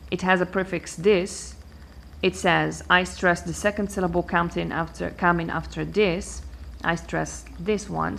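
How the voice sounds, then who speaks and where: Slow, bright-voiced woman teaching pronunciation. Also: fairly low pitch, steady tone. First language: Arabic. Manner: slow, deliberate, counts syllables aloud. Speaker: English teacher. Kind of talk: English pronunciation lesson.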